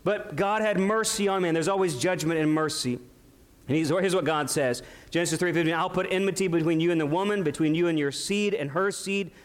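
Man, pastor, high voice, emphatic sermon, rhetorical questions. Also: brisk.

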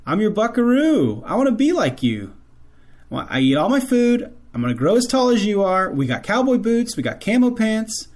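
Man doing a proud little boy voice, high and bright, bragging in a singsong. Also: big pitch swings, moderate pace. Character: eager little boy imitating his dad.

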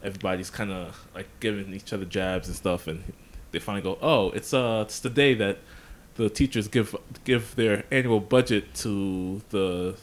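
A man co-hosting a podcast, rambling through a casual recap and slipping into quick voices for the characters. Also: fairly low pitch. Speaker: podcast co-host. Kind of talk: casual chat, recapping episodes.

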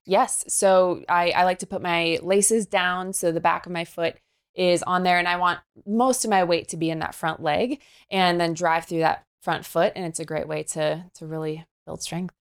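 A young woman speaking as a fitness trainer in an interview, with a slightly low, easy voice. She explains things in an upbeat, coaching way, with lots of practical asides. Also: steady tone, normal speed, clean tone. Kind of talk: podcast interview conversation.

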